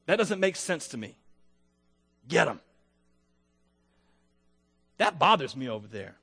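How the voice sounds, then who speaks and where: A man preaching a sermon, conversational and lively, acting out the voices of the people in his text and joking with his listeners. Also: fairly high pitch, a little fast, husky, faint music behind. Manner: animated, acts out biblical voices. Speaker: pastor.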